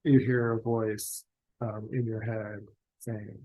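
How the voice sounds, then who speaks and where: A man's voice: on the low side, level tone, warm tone, poor audio. A man narrating as game master of a tabletop role-playing game, hesitant and full of ums. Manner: slow, hesitant, many ums.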